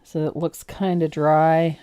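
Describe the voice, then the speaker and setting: Lady painting teacher on a livestream, kinda low voice, chatty, laughs a lot. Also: little pitch movement, slow, warm tone, clean tone. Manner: chatty, laughs easily, self-deprecating. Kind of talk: live painting tutorial.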